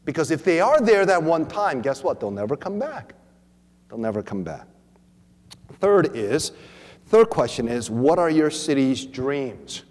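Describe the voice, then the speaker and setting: A man giving a teaching talk to a church audience, animated, often repeating words and acting out quoted voices. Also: a little high, measured pace. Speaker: preacher. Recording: long hall reverb.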